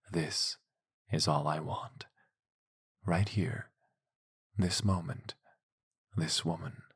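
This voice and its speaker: A man narrating a romance audiobook in the first person, intimate with soft breathy passages. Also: very deep voice. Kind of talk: scripted narration of a romance novel.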